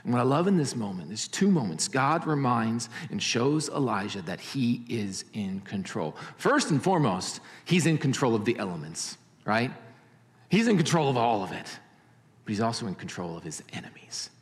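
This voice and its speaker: A man preaching a sermon in an animated storytelling manner, swinging between loud and hushed. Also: medium pitch, moderate pace, in a large hall. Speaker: pastor.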